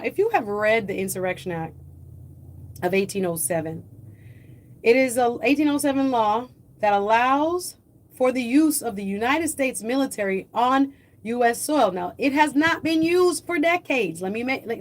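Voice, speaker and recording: Woman host, slightly high voice, chatty and emphatic, live studio news talk. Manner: conversational, emphatic, repeats points for listeners.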